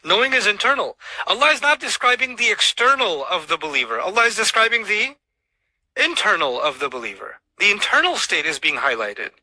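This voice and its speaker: A man delivers an animated religious lecture in a high, sharp voice. He throws rhetorical questions at his listeners and races through Arabic verses. The sound is dry and close. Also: no echo, low-quality recording. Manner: recites Arabic verses rapidly. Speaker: Islamic speaker.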